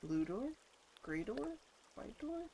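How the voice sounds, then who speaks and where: Slow, playful congested streamer. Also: mid-range voice, big pitch swings, gravelly, mellow, a little hiss or hum. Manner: playful, drifts into sing-song nonsense humming and mock-formal speech. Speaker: livestreamer. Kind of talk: casual live-stream chat while building.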